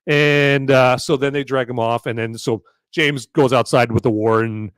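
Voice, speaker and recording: Man, podcast host, rambling live recap, middle pitch, dry close mic. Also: fairly even intonation, moderate pace, no echo. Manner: rambling, filler-heavy, keeps asking "okay?". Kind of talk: casual live-stream recap.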